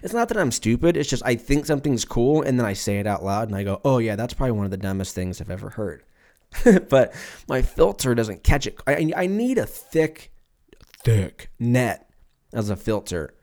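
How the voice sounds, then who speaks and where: Young male podcast host, twenties, mid-pitched voice, rambling, swearing, self-mocking chatter at a desk mic. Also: a little mellow. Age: 20s. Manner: rambling, profane, self-mocking with frequent laughs. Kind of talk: casual solo podcast rant. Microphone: podcast mic at a computer.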